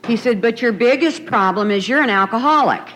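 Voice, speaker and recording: A middle-aged woman speaking a little high and a little fast, with a fairly bright tone, recounts her recovery at a retreat. She rambles conversationally and laughs often, heard on a faint, noisy tape recording from the 1990s.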